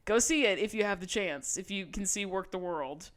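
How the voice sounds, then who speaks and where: A woman, co-hosting a podcast, telling a story in casual chat, animated and laughing, swearing freely. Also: medium pitch, normal speed. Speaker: podcast co-host.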